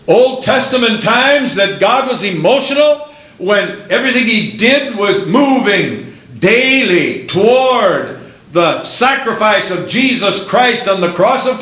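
His voice high and fairly bright, a male preacher sermonizes in an emphatic, rolling cadence, pushing the congregation with rhetorical questions. The roomy church gives everything a ringing echo.

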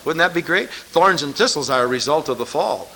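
A man's voice: fairly high pitch, expressive, brisk, sharp tone, a little hiss or hum. A man preaching a sermon, pressing his listeners with emphatic rhetorical questions.

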